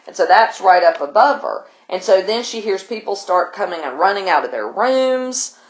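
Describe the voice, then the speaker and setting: A woman's voice: mid-range voice, expressive, measured pace, roomy sound. A woman teacher, casually retelling a novel for her class in a loose, chatty way. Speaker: literature teacher.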